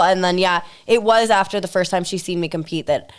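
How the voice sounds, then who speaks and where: Smooth-voiced woman in casual chat. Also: lowish voice, fairly quick. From Canada. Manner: reactive, exclaims often. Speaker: podcast co-host.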